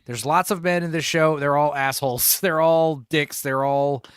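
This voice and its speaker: A man's voice: a little high, steady tone, moderate pace, clean tone, no echo, studio quality. A man hosting a podcast, rambling and profane in casual chat, laughing often. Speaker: podcast host.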